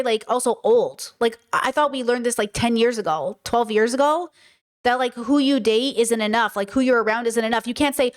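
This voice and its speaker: A woman streamer with a high voice reacts to a clip in loose, emphatic commentary. She hammers her points through repetition and slips into mock voices when she quotes people. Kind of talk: casual commentary.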